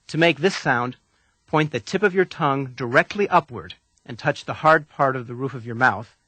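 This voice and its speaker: A man narrating a scripted pronunciation lesson, calm, deliberate and patient as he coaches the listener. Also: mid-range voice, no room sound. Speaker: language instructor.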